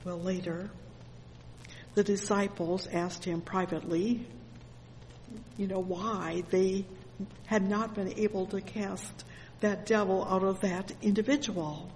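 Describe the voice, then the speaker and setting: Slow, fervent preacher in a reverberant hall. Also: mid-range voice, steady tone, slight background noise. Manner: fervent, with constant "oh yes, praise the Lord" interjections; reads scripture verses aloud. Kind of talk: sermon. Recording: long church-hall reverb with faint ambience.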